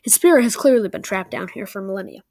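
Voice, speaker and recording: A man's voice: high-pitched, lively intonation, fast talker, gravelly, a little mellow, no room sound, clean studio sound, voice pushed down. A woman reading aloud the lines of a moody teenage boy from a novel, in a plain, unpolished way. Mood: hurt.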